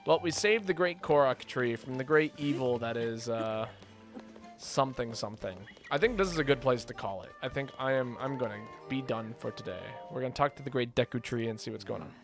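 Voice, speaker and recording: A young man streams a video game, rambling through chatty commentary stuffed with fillers. His mid-range voice has lively intonation and moves a little fast, with faint game music in the background.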